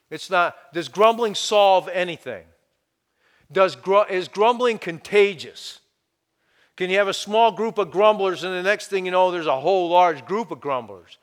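A man preaches a sermon in a fairly high voice. He keeps putting questions to his listeners and sometimes drops to a hushed tone. His voice rings with the long reverb of a church sanctuary. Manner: animated preaching, rhetorical questions, sudden drops to hushed tones. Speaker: pastor.

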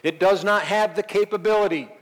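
Guy preaching a bible lesson, kinda high voice, lots of echo like a big hall. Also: fairly quick. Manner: earnest, emphatic teaching with repeated phrases. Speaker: pastor. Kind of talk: verse-by-verse sermon.

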